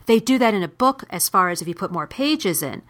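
A woman's voice: mid-range voice, expressive, brisk, a bit bright. A married woman with children chatting casually, explaining things step by step. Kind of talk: casual chat.

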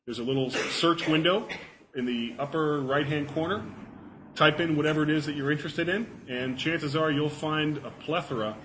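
A man's voice: a little high, normal speed, noisy background. A man giving a casual talk and answering audience questions, chatty and self-deprecating, often repeating words as he thinks.

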